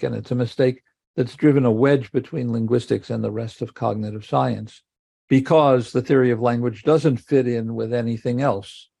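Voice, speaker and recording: Older male academic, gravelly mid-pitched voice, measured lecture delivery. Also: a little mellow, no echo. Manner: measured, explanatory, with occasional fillers and restarts.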